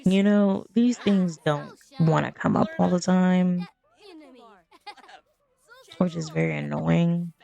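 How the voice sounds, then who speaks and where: A woman chats her way through a life-simulation game, rambling from one thought to the next and laughing to herself. Her voice sits on the low side with a gravelly fry, and she keeps it loose and unscripted. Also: fairly even intonation, slow, long pauses, dark tone, highs cut off. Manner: chatty, rambling, laughing asides. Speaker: let's play streamer. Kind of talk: casual gameplay commentary.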